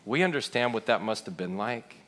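A man preaching a sermon as a pastor, telling the story dramatically, moving between loud, quick passages and hushed, slow ones. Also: fairly low pitch, animated.

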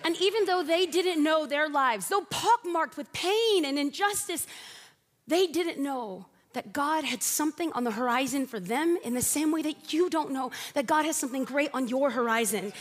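Woman preacher, high voice, animated and funny, big hall reverb. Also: normal speed. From Mexican and Puerto Rican family. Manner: animated, humorous storytelling. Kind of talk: sermon. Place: church stage. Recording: long reverb of a large hall.

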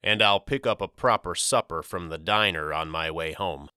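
A man's voice: low-pitched, moderate pace, pushed and bright, clean tone, no echo, studio quality. A man doing a stammering nervous father. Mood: awkward. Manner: stammering, muttering. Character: nervous father, middle-aged, stammering and evasive.

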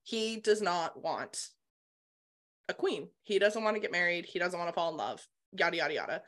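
A woman co-hosting a podcast, retelling a novel's plot in casual book-club chat, animated and sprinkled with swearing and "like". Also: fairly low pitch, normal speed. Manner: animated retelling, swears freely, filler 'like'. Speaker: podcast co-host.

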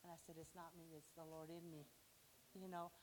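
A woman with a lowish voice tells a personal testimony in church and brings the people in her story to life. Her voice carries a long hall reverb over a faint hiss. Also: fairly quick. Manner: animated, acts out dialogue in her story. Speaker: church member giving testimony.

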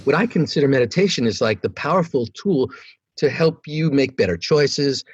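A man from New York, a meditation teacher and podcast guest, talking in a relaxed way and telling stories in which he acts out the voices of the people he quotes. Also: normal speed, slightly rough, lo-fi sound, faint music behind. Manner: animated storyteller who acts out quoted dialogue in a higher voice. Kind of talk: relaxed storytelling conversation.

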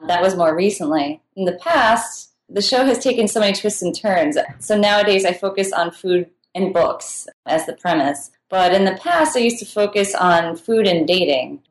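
A woman's voice: lowish voice, normal speed, hardly any pauses. A woman answering interview questions in a casual, chatty way, laughing often as she talks. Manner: chatty and giggly, with frequent laughs. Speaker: podcast guest, food writer. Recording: echoey room.

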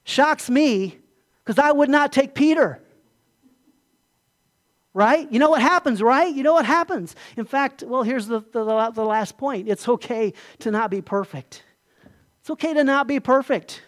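A man's voice: extremely high pitch, expressive, a little slow, a bit bright. Man preaching an emphatic sermon. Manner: emphatic, asks the congregation questions. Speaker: pastor.

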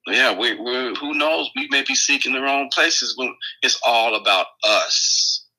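A man co-hosting a casual spiritual podcast, thinking aloud in halting phrases with many fillers and restarts. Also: mid-range voice, pushed and bright, rough recording. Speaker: podcast co-host.

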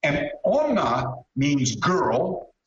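A man's voice: fairly high pitch, big pitch swings, extremely slow, recorded from a distance, a little hiss or hum, exaggerated voice. A man putting on his wife's voice as she patiently explains his mistake, over echoey, dull call audio. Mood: explaining. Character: his wife, a woman correcting his mistake.

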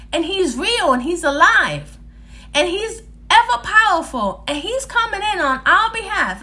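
A woman's voice: very high voice, pushed and bright. A middle-aged woman hosting a Bible teaching podcast, preaching emphatically in repeated runs of phrases. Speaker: podcast host.

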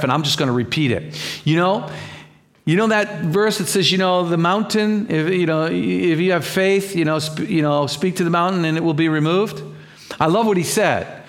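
A man's voice: high voice, normal speed. A man preaching a sermon as pastor, fervent and repetitive, often restarting his words.

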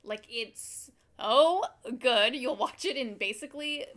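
A fairly high-voiced woman talking casually with friends. She tells a story with lots of energy and acts out the quoted lines along the way. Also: slow pace. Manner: animated storyteller, acts out quotes, laughs often. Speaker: podcast co-host. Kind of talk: casual chat, recapping a true crime show.

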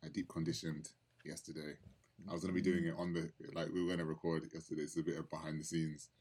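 A man's voice: very deep voice, little pitch movement, fast talker, a little mellow. A young man co-hosting a casual podcast, laid-back and jokey, laughing a lot. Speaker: podcast co-host.

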